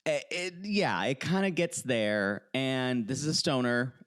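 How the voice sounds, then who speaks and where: This co-host speaks a little slowly in a smooth, mid-range voice, recapping a reality show for a podcast. Casual and animated, he acts out the lines in voices. Studio quality, no room sound.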